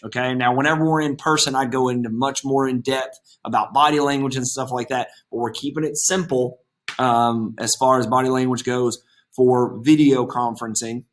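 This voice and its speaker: Casual teacher on a video call. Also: male voice, medium pitch, a bit bright. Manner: casual, repetitive "okay?" check-ins. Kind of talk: online class instruction. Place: home setup on video call.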